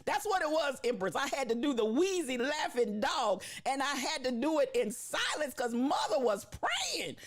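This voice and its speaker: A woman hosting a live stream in a high, lively voice that swoops up and down. She laughs often, repeats phrases for emphasis and calls her viewers baby and sister as she gives them shout-outs. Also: normal speed, few pauses.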